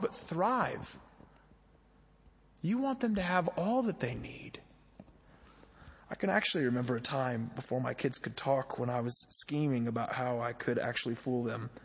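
A man's voice: fairly high pitch, fairly bright tone, slightly rough, big-room sound. A young man preaching a sermon as a pastor, talking in a conversational way and putting questions to the congregation. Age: young adult.

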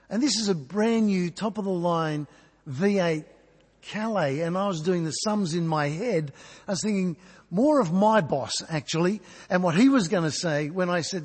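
A man's voice: high voice, moderate pace, slightly rough. A man in his fifties with an Australian accent, preaching a sermon as a conversational, self-mocking storyteller in a church. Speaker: pastor. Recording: long reverb in a large church.

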